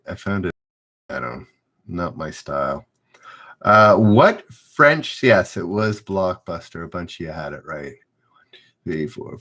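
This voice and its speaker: A man's voice: fairly low pitch, fairly bright tone. A man hosting a live-streamed trivia game, reading questions aloud and chatting loosely with viewers.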